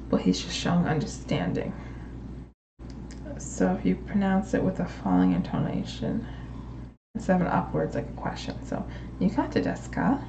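A woman reading her study notes aloud and explaining them slowly, in a study-with-me video. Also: lowish voice, vocal fry, noisy background. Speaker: language learner studying on camera.

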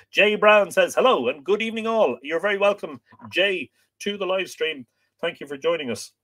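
A man's voice: sits high, expressive, moderate pace, sharp tone. A man hosting a live stream, reading an old book aloud and breaking off to greet viewers and joke. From Ireland.

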